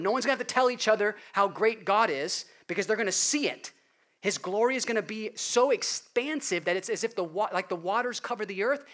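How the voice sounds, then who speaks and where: A man preaching a sermon in an earnest way, rising to loud emphasis and dropping to hushed appeals. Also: high-pitched. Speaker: pastor.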